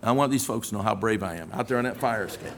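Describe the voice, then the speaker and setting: A fast-talking man with a voice on the low side preaches a sermon as an animated storyteller, acting out the dialogue as the tale unfolds.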